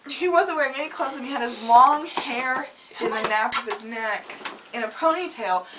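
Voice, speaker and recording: A young woman chatting casually on a home video, telling stories with lots of giggling and loud acted-out quotes. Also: fairly high pitch, moderate pace, recorded from a distance, background noise. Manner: giggly storytelling, acts out quoted lines loudly. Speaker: vlogger. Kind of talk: casual chat.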